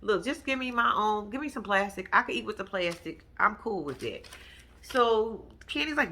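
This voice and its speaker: A woman at an ordinary middle pitch chats through a TV recap like she is gossiping with friends. She swears freely, calls out to her viewers, and breaks into laughter between her stories. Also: normal speed. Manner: profane, animated, talks straight to viewers as y'all. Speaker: vlog host recapping a TV episode. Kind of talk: casual storytelling commentary.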